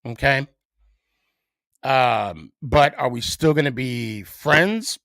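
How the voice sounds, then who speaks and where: A middle-aged man hosting a solo podcast, giving his views in a halting way, full of fillers and restarts. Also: mid-range voice, fairly bright tone, dry recording, studio quality. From United States. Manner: hesitant, many fillers and restarts. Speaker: podcast host.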